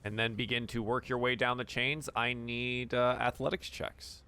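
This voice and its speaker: A man runs a tabletop game as dungeon master, his voice bright and forward. He narrates in a calm, measured way and drops into casual asides between the rules. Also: medium pitch, clean tone.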